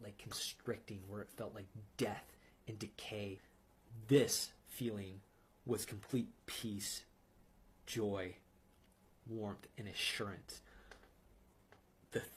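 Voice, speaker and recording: A man telling a personal testimony in an intense, earnest way, sometimes dropping to a hushed whisper. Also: on the low side, slight background noise.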